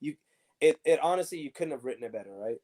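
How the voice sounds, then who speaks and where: A man's voice: a little high, quick pace, a crowd in the background. A man, a former pro soccer player, telling stories casually as an interview guest and acting out the dialogue. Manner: animated storyteller acting out dialogue.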